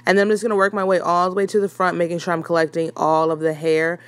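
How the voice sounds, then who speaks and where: A young woman casually narrating a hair tutorial, chatty and relaxed with frequent ums. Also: on the low side, fast, no echo.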